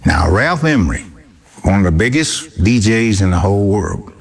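An older man being interviewed, telling a colloquial story with animated delivery and acting out the people he quotes. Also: on the low side, moderate pace, vocal fry, breathy edge. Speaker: interview guest. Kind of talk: anecdotal storytelling.

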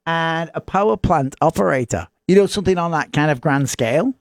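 A man's voice: fairly high pitch, lively intonation, no room sound, studio quality. Chatty English man hosting radio. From England. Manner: chatty, jokey, does quick voices. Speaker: radio host. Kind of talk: casual radio chat.

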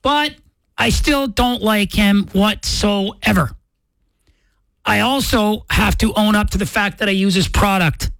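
A man hosting a morning radio show, chatting casually in an animated, rambling, self-mocking way. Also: high-pitched, measured pace, vocal fry, no echo, rough recording. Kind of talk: casual on-air chat.

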